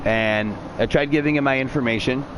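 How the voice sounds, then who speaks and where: A man's voice: mid-range voice, fairly quick, noisy background. A young man casually telling a long personal story, rambling, swearing a lot. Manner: profane, rambling, animated retelling.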